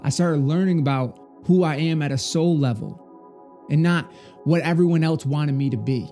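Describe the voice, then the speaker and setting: Young adult male speaker, earnest and measured, dark mellow tone, personal storytelling. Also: on the high side, faint music behind. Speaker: motivational speaker. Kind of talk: personal story told to an audience.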